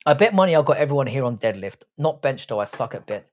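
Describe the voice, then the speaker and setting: A man's voice: mid-range voice, sing-song, fast. A man hosting a casual livestream, reading out chat comments and bantering crudely, with frequent swearing.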